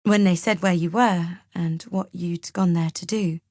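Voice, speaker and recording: A woman voicing a worried young husband who talks softly and pleadingly. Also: lowish voice, fairly even intonation, unhurried, no room sound, clean studio sound.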